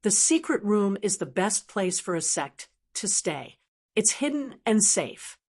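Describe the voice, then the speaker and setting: A woman voicing a confident male martial sect elder in an audiobook, speaking in a measured, explanatory way. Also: mid-range voice, very animated, a little mellow, breathy edge, full character voice.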